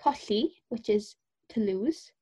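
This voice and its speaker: A woman teaching words in a relaxed lesson, patient and encouraging as she models pronunciation slowly. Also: fairly high pitch, slightly rough. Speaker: Welsh language teacher. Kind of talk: casual language lesson.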